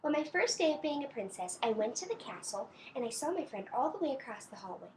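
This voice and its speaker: A young woman playing a sweet, doting princess in a birthday greeting, talking slowly and sing-song to a small child with soft giggles and pauses for answers. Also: sits high, very animated, slight background noise. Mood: cheerful. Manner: talks slowly to a toddler, pausing for answers. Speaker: costumed princess character.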